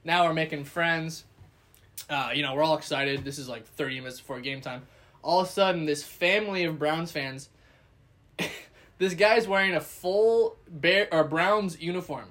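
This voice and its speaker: Podcast co-host, male, fairly high-pitched, animated storyteller who acts out quotes. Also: normal speed. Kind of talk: casual chat, storytelling.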